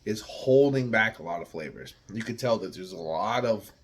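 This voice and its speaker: A man's voice: on the low side, lively intonation, normal speed. A man from the United States giving a casual, rambling beer tasting review, searching for words and swearing now and then.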